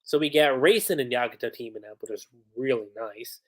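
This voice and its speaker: A livestream host recapping manga chapters in a casual, excited way, chatty with frequent laughs and lots of "like" fillers. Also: medium pitch, a little fast.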